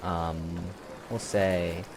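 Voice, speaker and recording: A young man narrating a tabletop game as game master, halting often with ums and restarts, with music playing underneath. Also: low voice, fairly even intonation, background noise.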